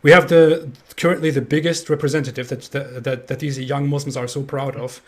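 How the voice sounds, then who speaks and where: A man's voice: mid-range voice, flat delivery, fairly quick. A man in casual live-stream chat, indignant and sarcastic, restarting his phrases often. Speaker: co-host.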